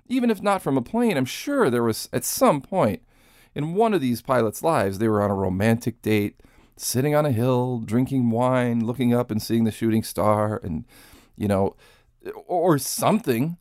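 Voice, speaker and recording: A man's voice: medium pitch, very animated, moderate pace, a little mellow, dry recording, studio quality. A man hosting a podcast in casual commentary style. He sounds sarcastic and incredulous, and he swears freely. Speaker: podcast host.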